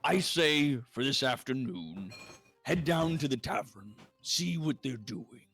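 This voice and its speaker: A man's voice: mid-range voice, animated, a bit bright, faint music behind, voice pushed up. A man doing a kindly old shopkeeper. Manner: kindly, measured, approving. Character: warm old male mechanic shopkeeper.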